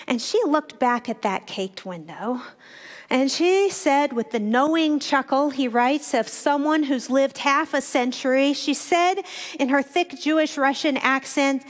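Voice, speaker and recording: A woman minister giving a reflective Sunday sermon that unfolds as a story. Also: sits high. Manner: reflective, storytelling, with slowed phrases.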